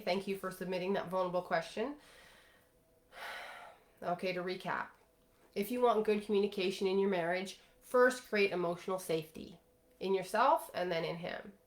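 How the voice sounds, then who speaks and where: A woman relationship coach answering a viewer's question in an earnest, gentle advice talk, acting out example phrases as she goes. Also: mid-range voice, roomy sound.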